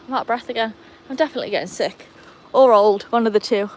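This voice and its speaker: A woman's voice: fairly high pitch, fast, few pauses, darkish tone, slight background noise. Chatty woman livestreaming with her dogs. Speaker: livestream host. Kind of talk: casual livestream chat. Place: outdoor garden.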